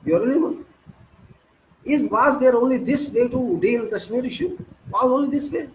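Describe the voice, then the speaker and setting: Indignant high-voiced Indian man. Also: moderate pace, a little hiss or hum, poor audio. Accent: Indian English. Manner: indignant, accusing, rhetorical questions, many restarts. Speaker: political commentator. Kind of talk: impassioned monologue.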